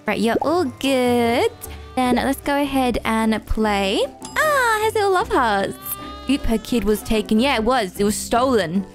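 Young woman, high voice, flustered gaming commentary, music behind. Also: big pitch swings. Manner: flustered, rapid, swoops up high when panicking, mock-crying. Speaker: gaming YouTuber. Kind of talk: let's-play commentary. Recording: game music playing behind.

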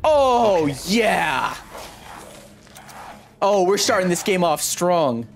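Young guy streaming a horror game, swears a ton, voice jumps all over the place, slow drawl between yells. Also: high-pitched, gravelly, slight background noise. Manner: excitable, profane trash-talk. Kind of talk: let's play commentary.

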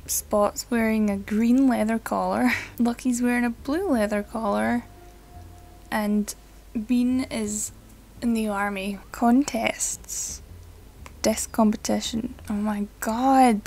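A young woman giving casual, excitable commentary while playing a video game, giggling and swearing now and then. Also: on the high side, slow pace, gravelly. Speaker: let's play gamer.

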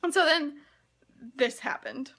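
A young woman in college vlogging excitedly and gushing, with lots of "like" fillers. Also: high voice, takes it slowly. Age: young adult. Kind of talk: casual vlog.

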